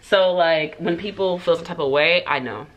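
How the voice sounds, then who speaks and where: A woman's voice: lowish voice, moderate pace, muffled recording. A woman chatting casually to her viewers, rambling through answers with lots of "like" and "um", often going off on tangents and laughing between sentences. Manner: rambling, full of "like" and "um", goes off on tangents. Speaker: hair vlogger. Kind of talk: casual get-to-know-me chat.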